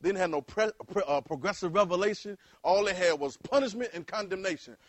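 A male preacher, delivering a sermon in call-and-response style that rises to loud exhortation. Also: high voice, animated, brisk, dry recording.

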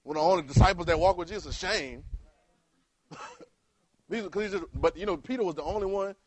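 A man preaches a sermon, calling on the congregation to repeat after him. His voice sits a little high, and it swells to loud exhortation. The sound is close and dry, with no room echo. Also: a little fast. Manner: call-and-response preaching, rising to loud exhortation.

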